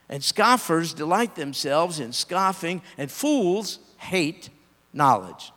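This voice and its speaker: Emphatic high-voiced preaching man. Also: sing-song, unhurried, a bit bright, long reverb tail. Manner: emphatic, rising and falling preaching delivery. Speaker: pastor. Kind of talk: sermon.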